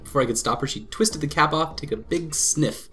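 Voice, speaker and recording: A man hosting a let's play, reading a visual novel aloud with quick laughs and commentary. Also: fairly high pitch, faint music behind. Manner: lively reading broken by laughs and asides.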